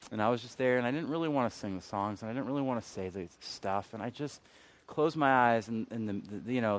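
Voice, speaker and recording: Candid, self-mocking man preaching. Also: medium pitch. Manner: candid, self-mocking storytelling with sudden emphatic peaks. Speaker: pastor. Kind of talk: sermon.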